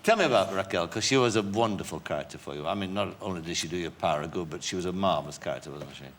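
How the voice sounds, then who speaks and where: A man's voice: deep voice, rapid-fire, a little hiss or hum. An older man with a Yorkshire accent hosting a television talk show, interviewing a guest with leading questions. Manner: leading questions, warm prompting.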